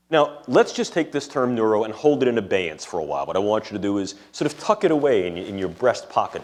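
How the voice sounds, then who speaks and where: This guest lecturer has a mid-range, slightly mellow voice and a New York City accent. Addressing an audience in a lecture room, he delivers a public lecture in a discursive, academic style laced with technical jargon.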